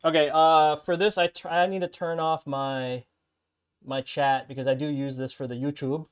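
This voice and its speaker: A man with a fairly high-pitched voice gives a casual livestream showcase of a custom fightstick build. He is upbeat and chatty and talks straight to his viewers. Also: level tone, moderate pace, smooth.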